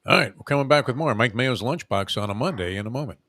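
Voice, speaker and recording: Bright-voiced joking male co-host. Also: mid-range voice, lively intonation, quick pace. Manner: bright, joking, stumbles and repeats words. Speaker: radio co-host. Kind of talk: casual radio banter.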